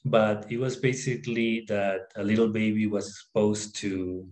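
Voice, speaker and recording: A man explaining ideas about the mind in his apartment, in a halting way with many fillers and restarts. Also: lowish voice, level tone, darkish tone, echoey room, rough recording. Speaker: self-help video presenter. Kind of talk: informal talk to camera, reading a text aloud. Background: dog barking, fireworks and freeway traffic outside.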